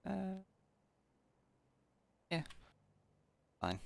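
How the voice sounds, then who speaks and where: A man's voice: high-pitched, very animated, extremely slow, creaky, dry recording. A man streaming a game, slightly tipsy from beers, mumbling half-sentences and counting aloud to himself as he builds. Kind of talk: casual muttering while playing.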